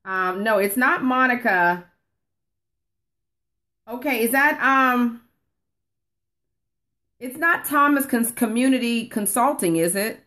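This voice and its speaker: Chatty woman live-streaming, bright voice. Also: a little high, takes it slowly, long pauses. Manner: chatty, calls viewers honey, reads comments aloud. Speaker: online course coach. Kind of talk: casual live-stream chat.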